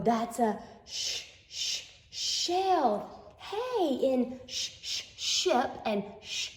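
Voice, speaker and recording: A woman's voice: medium pitch, animated, drawn-out words, roomy sound. A woman teacher giving a playful phonics lesson to young children, gasping and acting surprised as she goes. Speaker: kindergarten teacher. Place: empty classroom.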